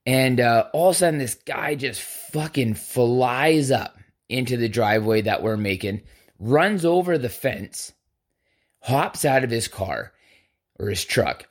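A man's voice: medium pitch, expressive, unhurried. A man hosting a podcast, telling a heated personal story in a casual, profane way and acting out the quoted dialogue. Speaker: podcast host.

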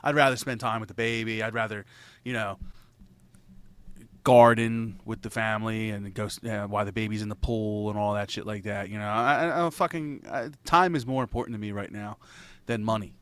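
A man's voice: lowish voice, fairly even intonation, brisk, fairly bright tone, smooth, no room sound. Man telling a story with lots of swearing. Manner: rambling, profanity-laced storytelling; laughs between lines. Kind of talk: casual chat.

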